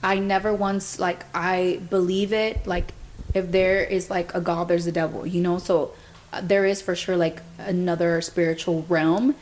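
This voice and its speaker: A podcast host, a young adult woman with a lowish, mellow voice and little pitch movement, tells a casual story at a moderate pace over slight background noise. She chats freely, says "like" constantly, and recounts events by quoting what people said.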